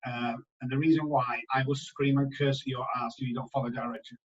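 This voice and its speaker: A man's voice: mid-range voice, little pitch movement, brisk, distant mic, dull audio. A man from England, a recovery doctor talking bluntly and swearing a lot in a casual interview.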